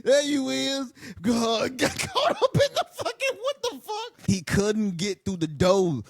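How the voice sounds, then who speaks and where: A man hosting a film reaction video, talking over the scenes, swearing freely and bursting into loud laughter. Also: very high voice, huge pitch swings, slow, dry recording, studio quality. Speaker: channel host.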